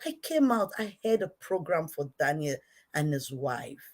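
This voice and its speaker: With a low, heavy voice, a sing-song lilt and a measured pace, a Nigerian-accented woman commentating online rants fiercely at the camera. Each point gets said twice for emphasis as she moves from hushed, pointed remarks to outright shouting.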